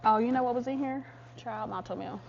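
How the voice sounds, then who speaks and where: A woman's voice: on the high side, normal speed, creaky, highs cut off, background noise. A young woman vlogging casually to camera, chatty and often addressing viewers as "y'all", sometimes half-whispering to keep her business private. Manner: chatty, talks straight to viewers, often says "y'all" and "child". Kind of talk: casual vlog chat to camera. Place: home, stairs and outdoors. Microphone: phone or camera held by hand.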